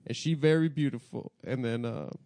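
A man's voice: medium pitch, moderate pace, creaky, dark tone, dry recording. A man telling a self-deprecating street anecdote in a casual podcast chat. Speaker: podcast co-host. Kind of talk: casual storytelling.

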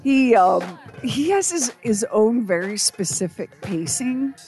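A woman's voice: medium pitch, expressive, slow, mellow, soft background music. A woman co-hosting a radio show, chatting casually and pointing listeners to the show's website.

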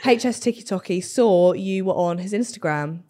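A woman's voice: on the low side, moderate pace, warm tone. A young woman hosting a podcast, blunt and teasing, swearing freely in casual chat. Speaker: podcast host.

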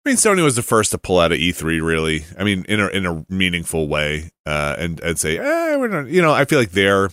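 Lively low-voiced man, dry mic. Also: fairly quick, hardly any pauses, no room sound. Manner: animated, hedging, slips into goofy voices. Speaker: podcast co-host. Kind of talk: casual chat.

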